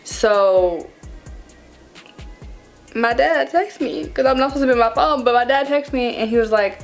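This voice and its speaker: A young woman in her twenties telling a casual storytime to her viewers, dramatic and animated, calling them y'all. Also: fairly high pitch. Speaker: vlogger.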